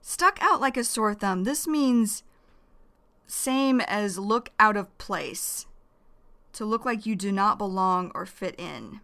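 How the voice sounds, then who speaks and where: A woman's voice: mid-range voice, lively intonation, slow pace, creaky, fairly bright tone. A young woman teaching English vocabulary, repeating each phrase and defining it in plain words. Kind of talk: slow vocabulary lesson.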